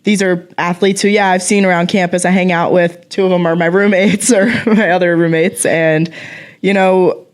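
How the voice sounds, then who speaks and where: A woman's voice: on the low side, steady tone, moderate pace. A young woman college athlete speaking as an interview guest, easygoing and storytelling, with "you know" fillers. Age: young adult. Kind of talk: casual interview chat.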